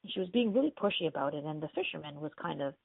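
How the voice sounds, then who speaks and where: A woman's voice: sits low, animated, racing, gravelly, dry recording. A woman radio host casually retelling a fairy tale in a chatty way, full of "like" and "you know", over a tinny phone-like line.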